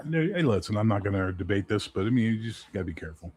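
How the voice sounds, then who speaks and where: A man's voice: fairly low pitch, quick pace, slightly rough. A middle-aged man, a game master guest, telling rambling, profane stories in casual podcast chat. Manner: rambling, profane, animated storyteller.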